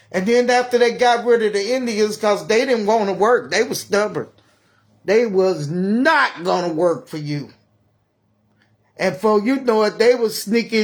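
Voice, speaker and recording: An older grandmother with a high voice , as a man puts her on, preaches and scolds in a comic monologue. She takes her time over every phrase, like someone praying aloud. Her tone is sermon-like and indignant. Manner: ranting, scolding. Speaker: storyteller.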